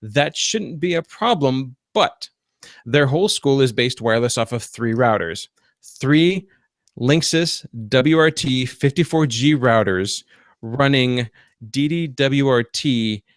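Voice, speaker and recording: A man's voice: mid-range voice, expressive, slow pace, no echo, studio quality. A male podcast host, a computer repair business owner, talking in a loose, rambling way with lots of fillers and restarts. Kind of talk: casual podcast chat.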